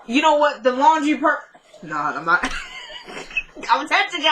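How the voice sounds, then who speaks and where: A woman's voice: high-pitched, very animated, a little slow, pauses often, sharp tone, slight background noise, low-quality recording. Chatty woman recapping a show. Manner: chatty, retells scenes with asides to viewers; laughs often, talks straight to her audience. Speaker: vlogger recapping a TV episode. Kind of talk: casual chat.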